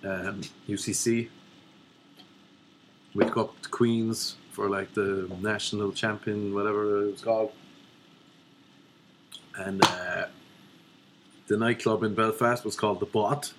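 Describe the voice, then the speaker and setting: A young man telling a rambling comic story with deadpan, self-mocking asides. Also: fairly low pitch, slow pace, long pauses, background noise. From Ireland.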